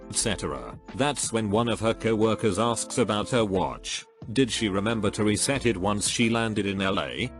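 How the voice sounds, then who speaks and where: A man reads online posts aloud as a scripted narration. His voice sits a little low, and his delivery is steady and even. Faint music plays beneath him. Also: normal speed, hardly any pauses.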